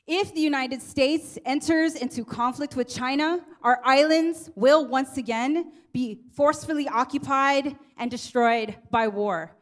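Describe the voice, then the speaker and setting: High-voiced woman giving an impassioned speech. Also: measured pace, few pauses. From Guam. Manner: impassioned, earnest. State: emotional, near tears. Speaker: activist speaker. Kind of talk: rally speech. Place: teach-in event hall.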